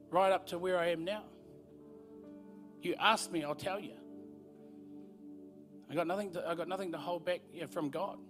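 A man giving an earnest, halting testimony at a church service. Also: high voice, fairly bright tone. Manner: earnest, halting, repeats words as he speaks. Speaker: guest speaker sharing his testimony.

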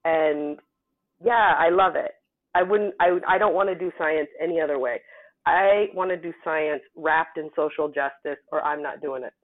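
A woman scientist from the United States talking casually in an interview, telling stories with animated emphasis. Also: low-pitched, moderate pace. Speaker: guest scientist. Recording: tinny phone-like line.

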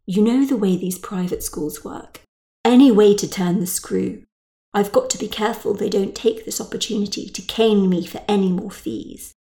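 A self-pitying, snobbish middle-aged mother from a spoken storybook, as a woman puts her on. She whines and grumbles in a plaintive voice that climbs high. Her complaints are delivered in a middle pitch that often peaks upward. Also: moderate pace, mellow, natural voice. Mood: complaining.

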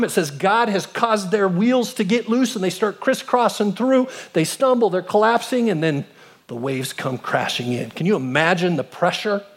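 A man in his fifties delivers a sermon in a noticeably high voice. He tells the story with animated swings, climbing to emphatic peaks and sinking to hushed lows. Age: 50s. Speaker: pastor.

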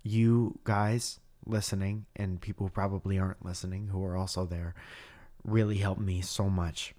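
Deep-voiced man on a casual podcast. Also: flat delivery, normal speed, warm tone. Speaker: podcast host and comedian.

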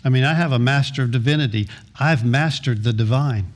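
A man's voice: mid-range voice, a little fast, a little hiss or hum. A middle-aged man preaching a sermon as pastor, earnest, often repeating words and restarting phrases, sometimes half-singing lines of a hymn.

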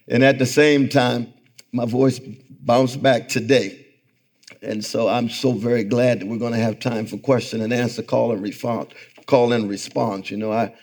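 Brief: middle-aged male lecturer with a preacher's rhythm, in a hall before a crowd, mid-range voice, builds to near-shouts. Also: mid-range voice. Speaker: guest lecturer. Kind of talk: sermon-like public lecture. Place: event hall before a live audience.

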